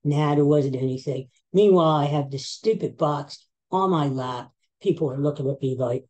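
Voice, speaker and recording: Chatty older Philadelphia man, mellow voice. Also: fairly high pitch, moderate pace, hardly any pauses. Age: 60s. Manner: rambling storyteller, self-mocking asides. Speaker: podcast host. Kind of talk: casual chat.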